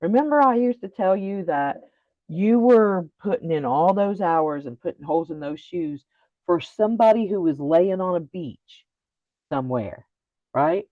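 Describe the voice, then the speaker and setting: A woman's voice: lowish voice, animated, measured pace, dry recording, narrow, tinny audio. A woman co-hosting a live stream, chatting casually with a playful, teasing manner. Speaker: co-host.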